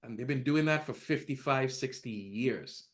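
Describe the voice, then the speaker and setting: A man's voice: medium pitch, moderate pace, a little hiss or hum. A man speaking as a guest in a podcast interview, talking emphatically and firing off one rhetorical question after another.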